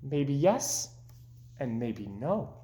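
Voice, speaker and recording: A man voicing a cheerful, optimistic male frog with a high, eager voice. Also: big pitch swings, very slow, warm tone, slight background noise. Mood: teasing. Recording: roomy echoing room.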